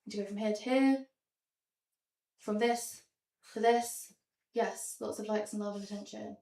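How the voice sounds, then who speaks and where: A woman's voice: medium pitch, steady tone, normal speed, creaky, warm tone. A young woman doing stand-up comedy in a small theatre, wry and self-deprecating, with a lot of ums. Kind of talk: stand-up comedy show with slides. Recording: roomy sound from a distance.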